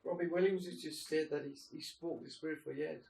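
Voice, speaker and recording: A man in the audience makes a quick remark from the floor. His voice is raspy and gravelly, and his words come out fast. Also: a little high, fairly even intonation, a little mellow, poor audio. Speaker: audience member.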